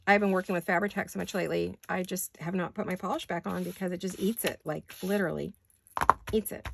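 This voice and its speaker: An older woman who is hoarse today, chatting casually while she crafts in her home studio and thinking aloud in wandering asides. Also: lowish voice, steady tone, fast talker, heavy background noise. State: hoarse, deep voice. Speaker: craft vlogger.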